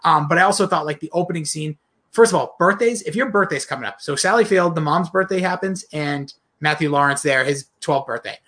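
A man's voice: on the high side, fairly quick, pushed and bright. A man in his thirties co-hosting a casual movie review chat, rambling and joking and dropping into silly voices. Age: 30s. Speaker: podcast co-host.

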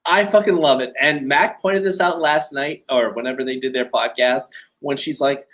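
A man's voice: mid-range voice, normal speed, fairly bright tone. A man co-hosting a podcast in casual chat, talking enthusiastically, swearing freely and laughing as he goes. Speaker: podcast co-host.

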